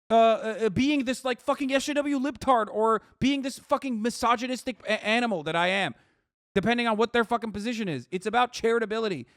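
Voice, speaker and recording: A man's voice: very high-pitched, a bit bright, dry recording, clean studio sound. A man streaming live, reacting to clips and answering chat in a heated, profane rant. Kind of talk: livestream reaction commentary.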